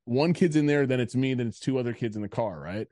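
A man's voice: mid-range voice, fast talker, dark tone, no echo, studio quality. Profane rambling man telling a story. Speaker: podcast co-host. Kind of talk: casual storytelling chat.

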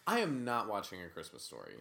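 A man's voice: fairly low pitch, huge pitch swings, fast, gravelly, a crowd in the background. A man co-hosting a podcast in casual chat, joking and teasing his co-host.

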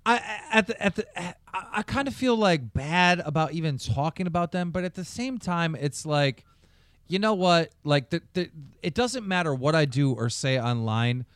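A man's voice: fairly high pitch, animated, moderate pace, a bit bright, clear, resonant tone, no room sound. A man hosting a podcast, ranting in heated, profane, casual talk. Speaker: podcast host.

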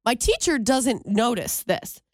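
A woman co-hosting a talk show, telling a story in casual chat and jumping into higher voices when she quotes people. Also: a little slow, no room sound. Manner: animated, jumps high when quoting people. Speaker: radio show co-host.

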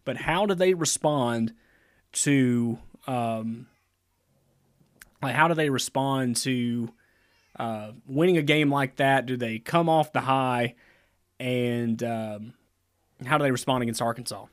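A man's voice: medium pitch, slow pace, long pauses, clean tone. A man hosting a sports podcast in casual chat, asking long rambling questions full of fillers. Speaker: podcast host.

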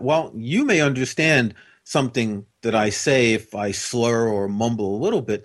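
A man's voice: medium pitch, moderate pace, hardly any pauses. A man with a General American accent, a guest patiently explaining things step by step in an interview. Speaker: guest expert.

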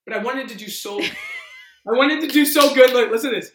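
A male actor telling audition stories in a casual interview, animated and full of "like". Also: extremely high pitch, slight background noise. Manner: animated, fast-shifting, heavy use of "like". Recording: roomy echo.

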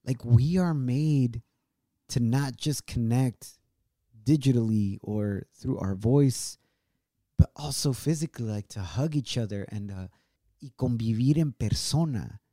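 Earnest man, warm dark voice. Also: mid-range voice, measured pace, no room sound, clean studio sound. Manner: earnest, mixes in Spanish words. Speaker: co-host. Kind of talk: casual heartfelt chat. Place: home studio.

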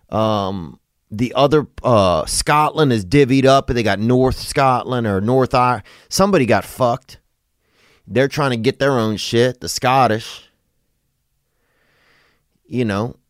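A man's voice: lowish voice, no echo, studio quality. A man from Louisiana, hosting a podcast in a rambling, profane, comedic monologue. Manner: rambling, profane, drawling asides. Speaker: podcast host.

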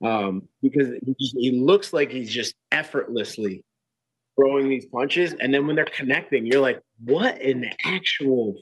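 A man's voice: medium pitch, moderate pace, breathy edge, dry recording, lo-fi sound. A man talking casually as a guest, laid-back, with many fillers and restarts. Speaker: guest fighter. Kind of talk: casual chat.

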